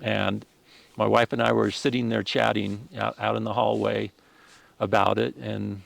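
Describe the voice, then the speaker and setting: A man with a deeply gravelly, fry-laden voice recounts a personal story as a podcast guest. He speaks earnestly and with feeling, stumbling and restarting his sentences as he goes. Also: little pitch movement, a little slow. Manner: earnest, emotional, with frequent restarts.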